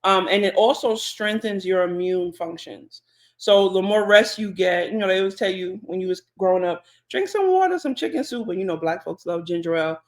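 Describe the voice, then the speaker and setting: A woman, co-hosting a podcast in relaxed, chatty talk full of fillers and asides. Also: on the low side, brisk. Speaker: podcast co-host. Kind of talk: casual podcast chat.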